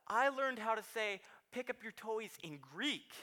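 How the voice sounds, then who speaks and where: A man voicing his excited three-year-old son, eager and breathless, repeating "Daddy, Daddy". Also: high-pitched, unhurried, voice pushed up, exaggerated voice.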